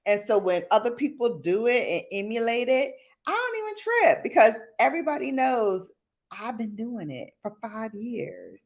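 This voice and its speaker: A woman hosting a casual late-night livestream, chatting playfully with viewers in a slangy, animated way and acting out quotes. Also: fairly high pitch, normal speed. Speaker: livestream host.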